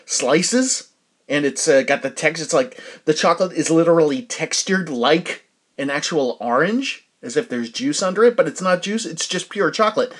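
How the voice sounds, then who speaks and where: A middle-aged podcast host talks casually on his own, wandering from thought to thought. His voice sits a bit high for a man, and he fills pauses with "uh" and "like" as he restarts his sentences. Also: lively intonation. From New Hampshire. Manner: rambling, chatty, self-interrupting with fillers. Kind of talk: casual solo podcast chat.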